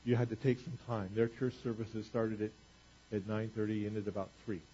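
A man preaching a sermon, moving from quiet earnest talk to booming exclamations. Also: fairly even intonation, normal speed, muffled recording, slight background noise. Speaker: pastor.

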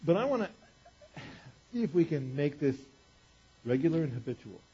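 A man's voice: a little high, big pitch swings, normal speed, mellow, breathy edge, muffled recording. A man preaching a sermon to a congregation in a church, talking in a conversational way with lots of "you know" asides, asking the room questions and teasing them. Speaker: pastor.

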